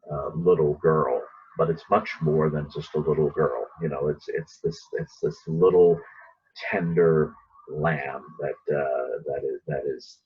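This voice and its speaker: A man with a very deep, strongly husky voice gives casual Bible teaching. He talks conversationally and acts out the lines he quotes. The recording sounds dull and lo-fi. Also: a little mellow.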